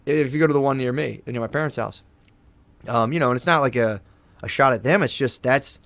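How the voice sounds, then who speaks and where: A man's voice: mid-range voice, fairly quick, fairly bright tone, dry recording. Loose, rambling man with a dry sound. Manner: rambling, laid-back, swears a lot, says "dude". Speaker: podcast guest. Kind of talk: casual chat. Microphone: podcast studio microphone.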